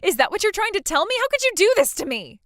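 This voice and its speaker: A woman's voice: very high voice, big pitch swings, fast, no room sound, studio quality. A woman voicing a self-absorbed young bride who talks in a whiny, stammering, demanding way, in a dramatized text-message story.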